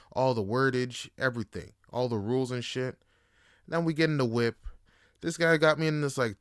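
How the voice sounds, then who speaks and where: A man's voice: medium pitch, a bit bright, smooth, no echo, studio quality. A young adult man hosting a podcast, telling a story in a casual, slangy, profane way. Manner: laid-back, slangy and profane. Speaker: podcast host.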